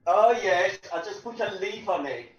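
A man's voice: high voice, expressive, normal speed, muffled recording, very noisy. A man trading cheeky, dry quips as a comic contestant on a video call. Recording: roomy video-call audio.

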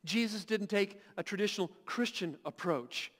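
A man preaching a sermon as pastor, impassioned and emphatic, building to loud peaks and often repeating words as he restarts. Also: high-pitched, moderate pace. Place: large church hall. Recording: long reverb of a church hall.

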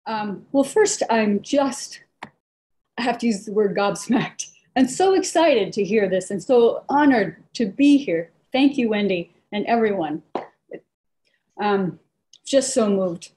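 A woman sharing a personal family story on a video call in a soft-spoken, hesitant way. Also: medium pitch, animated, slow, a little hiss or hum. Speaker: call participant.

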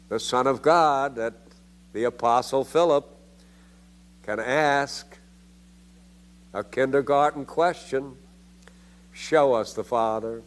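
An older man giving a theology lecture, emphatic and full of rhetorical questions, with his voice jumping up for emphasis. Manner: emphatic, with rhetorical questions and sudden rises in pitch.

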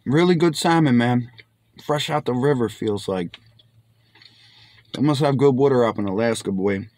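This casual food review comes from a young man with a medium-pitched, slightly mellow voice at normal speed, recorded dry. Enthusiastic throughout, he exclaims as he samples the food and keeps saying "my friends."

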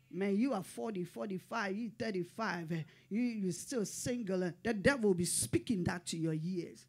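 A woman's voice: mid-range voice, moderate pace, few pauses, a little mellow. A middle-aged woman pastor preaching a sermon in short, fervent, repeated declarations.

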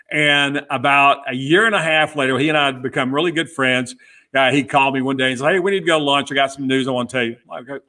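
A middle-aged man with a bright, forceful voice tells a story as a podcast guest. He slips into the voices of the people he quotes and keeps the tale moving in an easy, conversational way. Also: mid-range voice. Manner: lively storyteller who acts out quoted dialogue. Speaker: guest, former pit crew member. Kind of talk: casual storytelling interview.

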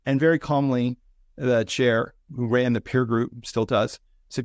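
A man's voice: mid-range voice, fairly even intonation, unhurried, dry recording. Middle-aged male consultant guest, earnest storyteller, mid-range voice, dry studio sound. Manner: earnest, reflective, speaks in short building phrases. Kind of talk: conversational interview storytelling.

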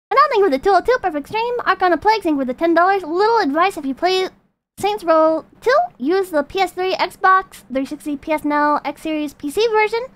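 Very high-voiced profane woman streamer. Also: fairly quick, no room sound. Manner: profane, ranting, animated. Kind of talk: casual livestream reaction and chat reading.

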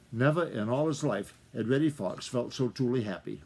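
An older man reads a children's story aloud the way a grandfather would, stopping for friendly asides to his young listeners. His voice is husky and sits at an ordinary pitch. The delivery is folksy and relaxed. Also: moderate pace, few pauses.

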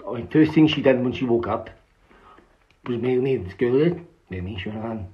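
A man's voice: medium pitch, lively intonation, normal speed. A man telling a long story in a rambling, casual way, swearing constantly and restarting his sentences, recorded on a dull lo-fi phone mic. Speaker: social media storyteller.

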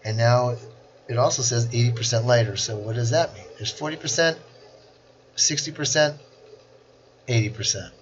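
A man at a mid-range pitch narrates a screen-recorded software lesson, slow and deliberate as he walks through every step. The sound is dull and lo-fi, with a faint hiss behind it. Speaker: instructor.

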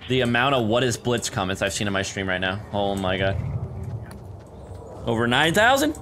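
A man hosting a live-streamed game, chatting with a teammate and viewers, laughing often and excitable. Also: lowish voice, fast, a little hiss or hum. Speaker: streamer and gaming host. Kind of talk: live-streamed gameplay chat.

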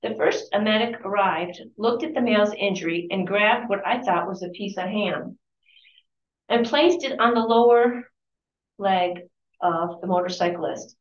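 A woman's voice: medium pitch, a little slow. A woman giving a book talk at a library, reading aloud from a memoir with chatty asides and correcting herself as she goes. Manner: conversational, corrects herself mid-sentence. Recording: distant, roomy and dull-sounding.

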